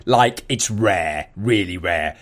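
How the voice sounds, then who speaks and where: A man chatting on a podcast, telling stories with shouted quotes and laughter. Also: sits low, slow pace. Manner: animated storyteller, shouts quoted lines and laughs mid-story. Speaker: podcast co-host. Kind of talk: casual chat.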